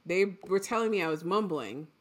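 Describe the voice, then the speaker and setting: Polished journalist woman, newscaster-smooth delivery. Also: on the low side, expressive, fairly quick. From Trinidad. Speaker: journalist, podcast co-host. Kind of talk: casual conversation.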